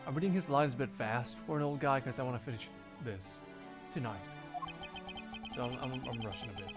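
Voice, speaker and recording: A man's voice: mid-range voice, brisk. A man streaming a live one-man fandub of a game, with casual, self-deprecating asides. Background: game music.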